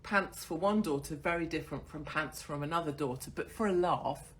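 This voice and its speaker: A woman's voice: low-pitched, fairly quick, slight background noise. A woman in her forties hosting her own online show, talking in a crude, sardonic and mocking way and swearing freely. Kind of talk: casual ranting monologue to camera.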